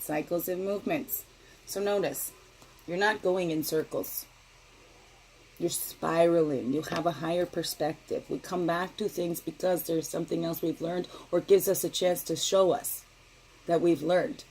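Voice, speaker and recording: A middle-aged woman giving a casual daily spiritual card reading, talking in a gentle, meandering way and often asking "right?". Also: lowish voice, a little hiss or hum, low-quality recording.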